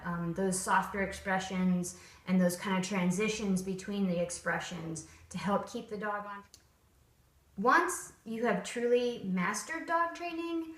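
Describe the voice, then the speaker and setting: A woman dog trainer explaining her methods in a casual, expressive way, switching between upbeat and flat tones to show examples. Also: mid-range voice. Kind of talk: casual instructional talk. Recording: roomy sound from a distant mic.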